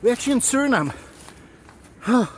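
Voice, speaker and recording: A man hosting a vlog outdoors at old stone ruins, excitedly exclaiming and repeating himself into a handheld camera mic. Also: very high voice, brisk, slight background noise. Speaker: vlog host exploring ruins. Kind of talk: excited on-the-spot vlogging.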